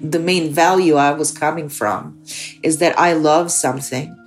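Woman filmmaker, low voice, casual storyteller with lots of "like.". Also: unhurried, soft background music. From Soviet Union. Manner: candid, frequent "like" fillers. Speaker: filmmaker guest. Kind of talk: personal storytelling.

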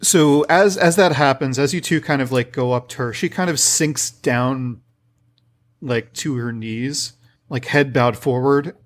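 A man's voice: mid-range voice, a little slow. A man narrating a tabletop game as game master, describing scenes in a hesitant way with many fillers.

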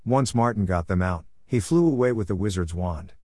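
A man reading out a homemade story in a plain, steady way. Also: sits low, moderate pace, no room sound, studio quality.

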